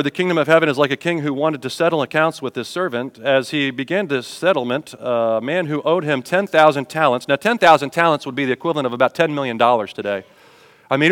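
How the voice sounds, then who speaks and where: A pastor preaches in a church, his voice sitting a little high for a man. He talks to his congregation like a conversation and pushes louder when he wants a point to land. A long reverb from the hall trails after his words. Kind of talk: sermon.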